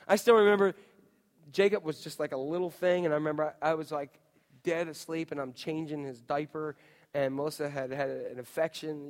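A male pastor preaches in a reverberant church, and his fairly high voice rings through the long hall echo. He tells stories with energy and slips into little acted voices. He talks straight to the congregation. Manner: animated storytelling, acts out voices and shouts. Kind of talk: sermon. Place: church sanctuary.

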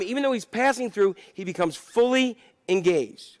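A man's voice: sits high, expressive, normal speed. A middle-aged man preaching a sermon in a conversational, reflective way, with asides and restarts. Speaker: pastor.

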